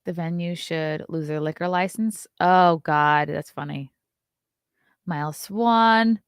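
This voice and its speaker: Chatty woman host, low voice, dry sound. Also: slow, smooth, no echo. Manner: chatty and opinionated, reacts to chat, yawns often. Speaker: host of a morning talk stream. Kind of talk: casual livestream talk, reading news and chat comments.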